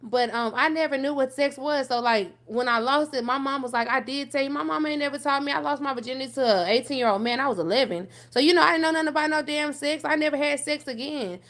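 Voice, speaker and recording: Blunt young woman telling her story fast. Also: high voice, a bit bright. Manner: blunt and profane, repeats "so fast forward". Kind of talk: candid personal storytelling on a call-in show.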